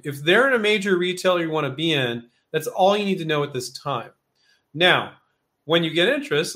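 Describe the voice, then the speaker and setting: His mid-range voice has a fairly bright tone. He's hosting an informal live question-and-answer session, responding to viewers chattily, with many fillers and restarts, and dramatizing short quoted back-and-forths.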